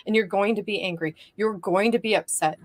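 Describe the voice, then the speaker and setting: A woman's voice: mid-range voice, a little fast. A woman hosting a podcast, talking in an earnest, affirming way in casual conversation. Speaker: podcast host.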